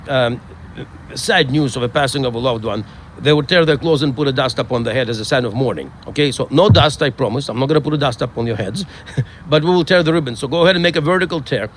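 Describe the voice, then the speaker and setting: A middle-aged male rabbi delivers a funeral eulogy outdoors. His storytelling is measured and full of small hesitations, and his voice sits fairly high. Faint traffic hums in the background.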